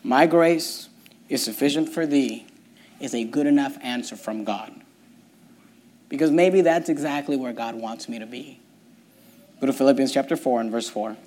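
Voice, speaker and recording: A male pastor with a medium-pitched voice reads scripture while preaching, shifting from quiet, slow sections to loud, impassioned ones.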